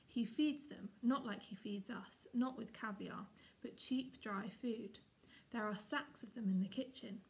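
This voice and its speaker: A proud, stern father cat speaks coldly and dismissively, read aloud by a woman. Her voice stays gravelly and somewhat high. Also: measured pace.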